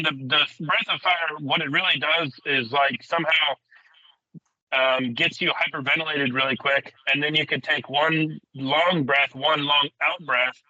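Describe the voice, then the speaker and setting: Dude on a group call, really bright voice, dull dry audio, lots of likes and ums. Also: male voice, medium pitch, dry recording. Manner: thinking aloud, many fillers. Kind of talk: casual chat on a call.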